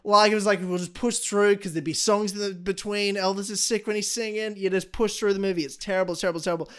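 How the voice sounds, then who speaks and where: A man's voice: sits high, steady tone, fast, clear, resonant tone. A young man co-hosting a podcast, telling a story in casual chat, laughing and swearing a lot. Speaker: podcast co-host.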